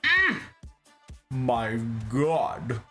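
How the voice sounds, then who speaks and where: Man, podcast host, casual chat, lively swooping pitch, jokey, faint music behind. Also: very slow. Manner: animated, jokey, pitch jumps for emphasis. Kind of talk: casual chat over travel photos.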